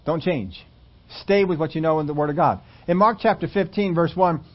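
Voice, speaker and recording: A man's voice: on the high side, lo-fi sound. A man preaching a sermon to his church, reading scripture aloud and breaking off into rambling asides. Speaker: pastor.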